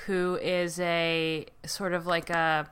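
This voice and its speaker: A woman's voice: lowish voice, level tone, slow, fairly bright tone, clean tone. A playful, giggly woman co-hosting a casual podcast chat.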